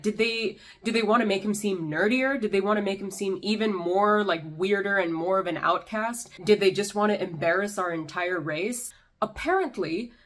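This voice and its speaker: A young woman hosting a commentary vlog, delivering an exasperated, sarcastic rant. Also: medium pitch. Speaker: YouTube commentator.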